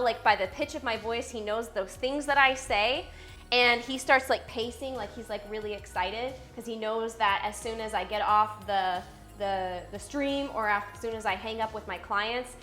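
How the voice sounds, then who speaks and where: A young woman, a fitness trainer, chats playfully with her live-stream viewers from home, her medium-pitched voice a bit bright and moving at a moderate pace over faint background music. Bubbly and playful, she reads the chat aloud and answers it in this casual live-stream talk.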